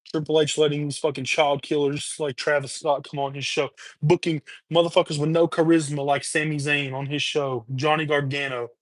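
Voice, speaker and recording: A man's voice: a little high, little pitch movement, moderate pace, hardly any pauses, no echo. A man hosting a livestream, delivering a heated, profane, repetitive rant. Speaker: livestream host. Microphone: webcam or streaming mic.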